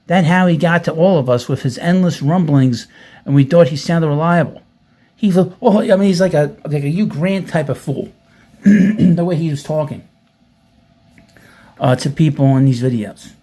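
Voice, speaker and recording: A man's voice: fairly high pitch, moderate pace, pauses often, mellow. A man hosting casual commentary, reading out comments with blunt, profane sarcasm and rambling asides. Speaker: commentary host.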